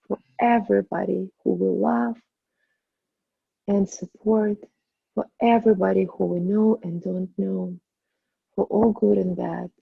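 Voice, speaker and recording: A woman yoga teacher guiding the end of an online class with soft, slow instructions. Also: medium pitch, vocal fry, breathy edge, no room sound, highs cut off. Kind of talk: guided yoga cool-down.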